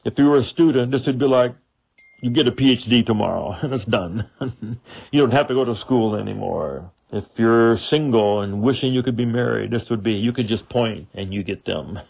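Gravelly preacher with a muffled sound. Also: male voice, medium pitch, moderate pace. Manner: earnest, rhetorical questions, swings from loud to hushed. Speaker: preacher and radio show host. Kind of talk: daily devotional sermon.

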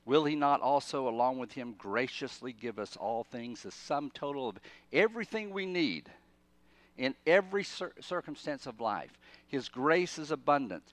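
A man preaching a sermon in a church, emphatic, repeating and restarting phrases, swinging between urgent loudness and quiet. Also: mid-range voice, lively intonation, normal speed, no room sound.

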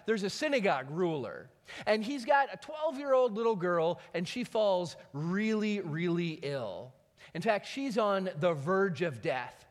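A male pastor preaching with a high, lively voice that swings widely in pitch. He tells the story dramatically, and his voice rings with the long reverb of a large hall. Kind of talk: sermon.

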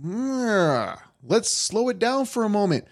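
A man hosting a sports talk podcast, ranting in a worked-up, animated way. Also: high voice, slow pace. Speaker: podcast host.

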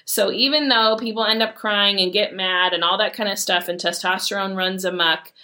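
A woman, telling heartfelt family stories in an earnest, animated way as a mother. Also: mid-range voice, moderate pace. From Michigan, USA. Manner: earnest, heartfelt, animated retelling with quoted dialogue. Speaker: mother sharing a personal story. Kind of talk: personal storytelling talk.

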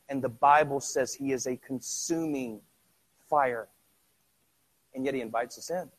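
Man preaching with sweeping loudness swings. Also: medium pitch, measured pace. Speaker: pastor. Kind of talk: sermon.

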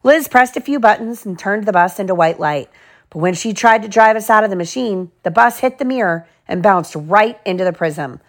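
A mother reading a children's picture book aloud at home, slow and clear, with little side remarks to her kids. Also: medium pitch, expressive.

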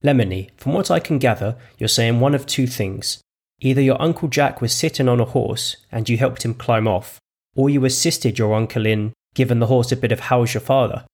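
A man playing a smug clever young woman, prim and patronising, husky edge, storybook reading. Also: medium pitch, normal speed, a little mellow, lightly acted. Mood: exasperated.

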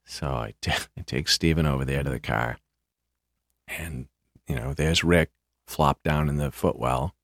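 A man with a very deep voice hosts a podcast, telling a story casually. His delivery is halting, with frequent repeated words and dry understatement.

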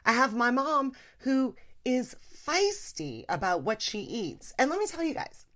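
Woman, comedic podcast rant, animated, lively pitch jumps. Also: measured pace. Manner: animated, mimics her mother in a high voice. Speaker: podcast host.

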